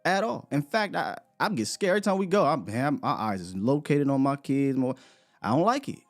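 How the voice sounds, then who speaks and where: Guy hosting a morning sports stream, rambling and lively, quick laughs, soft music behind. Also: mid-range voice. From United States. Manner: animated, rambling, laughs often. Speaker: sports show host. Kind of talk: live morning sports show chat.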